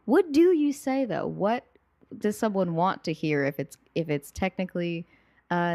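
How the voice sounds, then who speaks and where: A woman with a low voice hosts a relaxed podcast, chatty and quick to laugh. Her voice sounds close and dry. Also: no echo. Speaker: podcast host. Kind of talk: casual chat.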